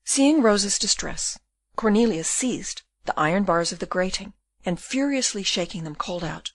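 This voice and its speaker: A woman narrates a classic novel in steady, measured storytelling. Her voice is mid-pitched and the recording is dry and close. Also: no echo. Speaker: audiobook narrator. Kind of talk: scripted narration.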